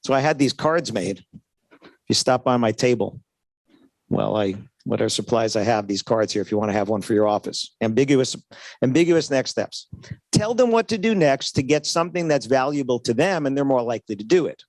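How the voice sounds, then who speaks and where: A man with an expressive mid-range voice talks fairly quickly through a motivational sales seminar at a trade show. His sound is a little mellow with no echo. He keeps things conversational, acting out little dialogues and frequently checking in with "right?"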